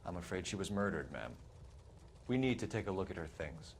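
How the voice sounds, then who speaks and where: Courteous 1940s game detective, lower voice, faint noise behind. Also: male voice, animated, fairly quick. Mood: formal. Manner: polite, formal. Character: earnest young male 1940s detective, polite and formal. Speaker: police detective. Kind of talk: video game dialogue.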